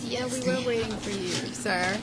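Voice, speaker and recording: A woman's voice: fairly high pitch, moderate pace, very noisy. A woman co-hosting a casual talk radio show, chatty and giggly. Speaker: radio co-host.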